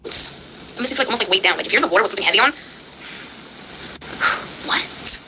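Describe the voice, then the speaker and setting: A woman running a spirit box session, excitable and exclaiming as she reacts. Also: mid-range voice, brisk, a little hiss or hum, rough recording.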